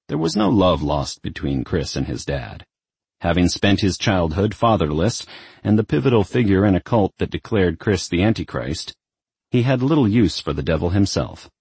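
A man narrating a novel as an audiobook in an expressive storytelling manner. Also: sits low, unhurried, slightly rough, no echo.

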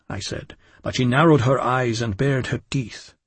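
A man reading a first-person story aloud with intensity and emotion, sometimes dropping to a hushed tone. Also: medium pitch, normal speed, husky, dry recording. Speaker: audiobook narrator. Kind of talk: dramatic first-person audiobook narration.

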